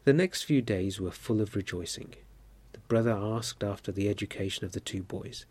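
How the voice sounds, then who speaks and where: A man reading a story aloud at a measured pace, lifting his voice for the characters' shouts. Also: fairly low pitch, slightly rough, dry recording. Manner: steady, measured reading with lively lifts for quoted cries. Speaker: narrator.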